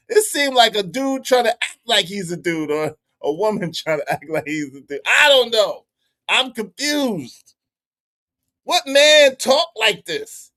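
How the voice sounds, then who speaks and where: Incredulous laughing reaction streamer, lively pitch. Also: male voice. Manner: loud incredulous repeated questions, frequent laughing. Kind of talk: casual reaction commentary.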